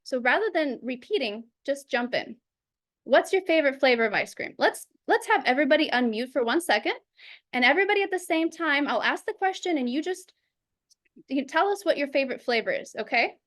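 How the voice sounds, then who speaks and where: A woman teaching public speaking over a video call, lively and acting out examples in quoted voices. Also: sits high, a little fast. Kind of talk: instructional talk.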